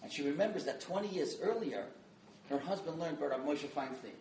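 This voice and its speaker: Man, high voice, dramatic sermon storytelling, hushed to loud, distant mic, roomy hall with faint ambience. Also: lively intonation, fairly quick, slight background noise. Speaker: guest speaker. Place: community event hall.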